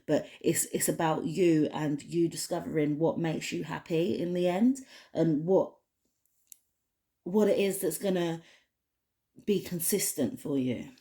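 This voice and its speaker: At a measured pace, a British tarot reader with a deep, mellow voice talks casually through an oracle card reading, wandering off and restarting often with lots of fillers.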